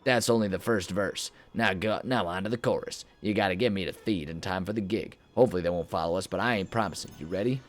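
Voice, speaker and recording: A young man talks fast with hardly any pauses in a low voice, giving casual commentary on his gameplay. He rambles, cracks jokes, talks to himself, and throws in self-mocking asides.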